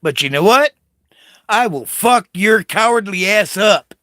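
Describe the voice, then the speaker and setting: A man's voice: high-pitched, expressive, unhurried, sharp tone, no room sound, studio quality. An older man from the United States, a Navy veteran, delivering an angry, profane political rant, confrontational and taunting.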